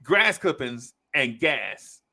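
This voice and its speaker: A podcast host with a creaky, mid-range voice goes slowly through a long story in casual talk. Animated as he tells it, he acts out the people involved and voices their quotes.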